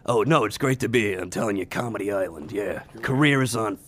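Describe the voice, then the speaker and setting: A man's voice: lowish voice, quick pace, fairly bright tone, lightly acted. A man playing a brash, crude old vaudeville-style comic in a comedy sketch, firing off punchlines. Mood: boastful. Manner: brash joke-telling with rimshot-style punchlines.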